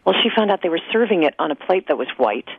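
A woman's voice: on the low side, big pitch swings, quick pace, vocal fry, breathy edge, no room sound, narrow, tinny audio. A woman talking as an author guest in a radio interview, earnest and conversational.

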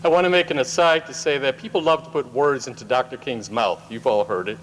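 A man giving a measured, earnest public speech. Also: mid-range voice. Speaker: speaker. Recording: echoey hall with faint noise.

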